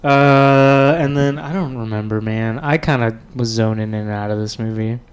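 A man's voice: mid-range voice, moderate pace, clean tone. A man co-hosting a casual movie review chat, adding dry, joking asides. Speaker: podcast co-host.

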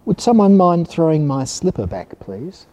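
A man voicing a grumpy, reclusive old male neighbour in a storybook reading, with a gruff, growling manner. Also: fairly high pitch, big pitch swings, normal speed, dark tone, voice pushed up. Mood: polite. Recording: reverberant hall.

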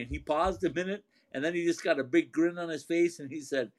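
A man's voice: fairly high pitch, brisk, few pauses. A man co-hosting a casual hockey talk show, chatty and laughing as he tells stories. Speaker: hockey broadcaster, co-host.

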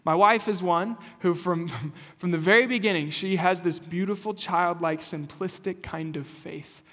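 A man's voice: high-pitched, measured pace, a bit bright. A young adult man preaching a sermon in a church, moving from conversational storytelling to earnest exhortation. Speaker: pastor. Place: church sanctuary. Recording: long hall reverb.

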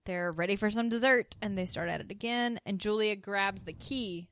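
A woman's voice: mid-range voice, moderate pace, fairly bright tone, slight background noise. A woman co-hosting a podcast, casually recapping a TV episode in a chatty storytelling way, full of "like.". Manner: chatty storytelling, heavy use of "like". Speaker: podcast co-host.

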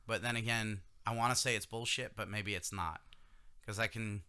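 A man's voice: on the low side, fairly even intonation, normal speed, bright, forceful tone, smooth, no room sound, clean studio sound. A man co-hosting a casual podcast, rambling about conspiracies and laughing often. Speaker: podcast co-host. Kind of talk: casual chat.

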